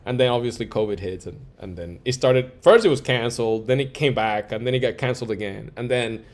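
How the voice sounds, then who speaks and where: A male music producer telling stories in a casual interview, animated, acting out quoted dialogue and peppering his talk with "like" and "yo". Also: medium pitch, a little fast. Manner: frequent fillers like "like" and "yo".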